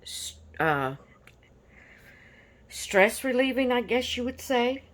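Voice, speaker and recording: A woman's voice: fairly high pitch, big pitch swings, takes it slowly, a bit bright. A woman hosting a coloring channel, chatting casually about her finished pages in an easygoing, rambling way with lots of fillers.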